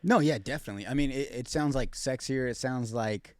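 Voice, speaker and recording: A man's voice: medium pitch, a little fast, dry recording, studio quality. Laid-back, rambling male podcast host. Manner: relaxed, rambling, swearing, many fillers. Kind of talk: casual chat.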